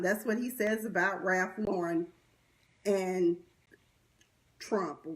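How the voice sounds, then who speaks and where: A woman's voice: medium pitch, steady tone, takes it slowly, long pauses. A young woman giving a blunt, sassy, exasperated commentary recap, full of slang and asides, recorded on a livestream mic. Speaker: commentary vlogger. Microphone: webcam or phone mic from a livestream.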